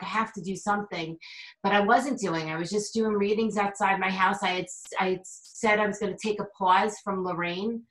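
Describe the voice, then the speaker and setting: On an interview show, a female guest who works as a psychic medium and teacher recounts a story in a relaxed way, voicing the quotes and stumbling through fillers and restarts. Her voice is mid-range and fairly bright, and the room echoes noticeably.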